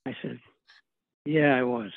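Over a tinny phone line with no echo, an older guest actor from New England shares stories in a casual interview. His voice is medium in pitch with vocal fry, and he takes a measured pace, rambling through anecdotes with chuckles and filler words.

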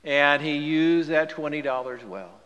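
A male pastor delivering a sermon, swinging from hushed, near-whispered storytelling to loud, rising exhortation in a church. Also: on the high side, lively intonation, a little slow. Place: church sanctuary. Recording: long church reverb with music behind. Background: guitar music.

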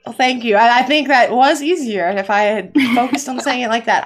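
A woman's voice: a little high, a little fast, few pauses, slight background noise. A woman hosting a casual livestream chat, reading viewer questions aloud and laughing along. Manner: chatty, laughs while reading tongue-twisters.

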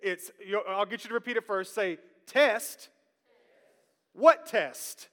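Man, pastor's sermon, lively call-and-response, long church-hall echo. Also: high voice, takes it slowly. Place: church sanctuary.

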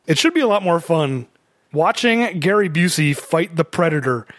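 A podcast co-host with a higher-pitched, fairly bright voice and lively intonation chats casually about a movie at normal speed, rambling and laughing often. The recording is clean studio sound with no room noise.

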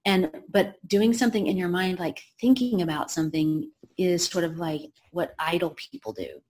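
A woman author and health coach talks as a podcast guest, telling a story with lively, animated energy. Her voice sits a little low for a woman. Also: normal speed, slight background noise. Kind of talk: storytelling in an interview.

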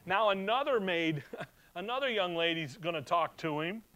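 A man with a high, clear and resonant voice leads a verse-by-verse Bible teaching. He reads the old scripture aloud and then breaks it down in loose, conversational asides. The recording is close and dry, with no room sound. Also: animated, normal speed, sharp tone, dry recording.

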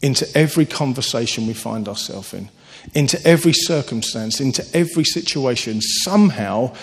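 A man preaching a sermon, earnest and animated, telling stories with sudden lifts in his voice. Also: medium pitch. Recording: long hall reverb.

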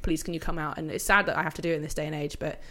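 A woman's voice: deep voice, steady tone, very fast, a bit bright. A woman co-hosting a casual chat, telling a story with many restarts and asides. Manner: rambling, self-correcting storyteller. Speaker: podcast co-host.

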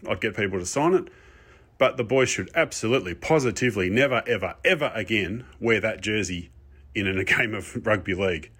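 A fed-up fan lord, pompous and exasperated, ranting and swearing, as a man puts him on. His voice sits a little low. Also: fairly quick, a bit bright, husky. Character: frustrated pompous fan persona, grown man. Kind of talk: pre-recorded comic rant segment.

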